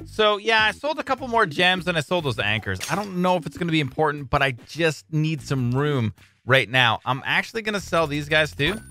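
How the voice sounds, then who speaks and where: A man giving casual let's-play commentary on his own video, excitable, swinging between mumbling and loud outbursts. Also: fairly high pitch, a little fast, a little hiss or hum. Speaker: gaming YouTuber.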